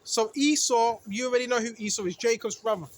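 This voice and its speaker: A man teaching from the Bible in a sermon, asking rhetorical questions and often tagging lines with "right?". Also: quick pace. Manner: preachy, asks rhetorical questions, repeats "right?"; rises in pitch and volume when emphatic. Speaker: street preacher.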